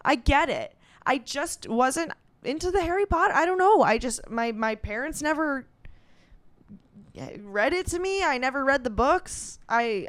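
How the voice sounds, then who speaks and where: A young woman doing stand-up comedy, ranting in an animated, sarcastic way, full of swearing, quick asides and restarts. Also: on the high side, clean tone, no echo. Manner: sarcastic rants.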